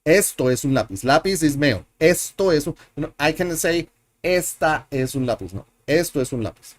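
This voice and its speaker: A man's voice: a little high, normal speed. A man teaching a live online Spanish lesson, patiently repeating words and drilling his learners, often correcting himself as he thinks aloud.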